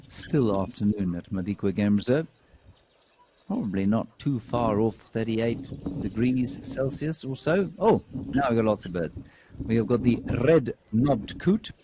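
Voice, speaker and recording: A man hosting a live wildlife cam show, reading out viewer comments and commenting on animals with relaxed, dry humor. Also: fairly low pitch, noisy background. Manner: dry, deadpan jokes.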